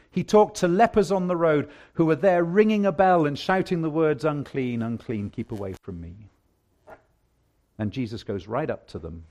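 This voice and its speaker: A man preaches a sermon in a fairly high voice, delivering it emphatically as he moves from hushed lines to loud declarations.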